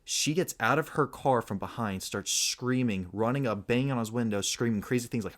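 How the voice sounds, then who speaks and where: A man's voice: mid-range voice, normal speed. A young man co-hosting a podcast, telling a long story in casual chat and acting out the quotes. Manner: rambling, animated storyteller who acts out quotes. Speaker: podcast co-host.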